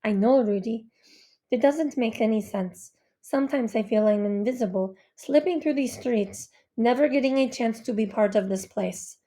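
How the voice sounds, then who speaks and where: A woman's voice: on the high side, normal speed, natural voice. Woman reading a polite boy with Indian accent. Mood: earnest. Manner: polite, earnest, soft-spoken. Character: gentle polite young Bengali boy.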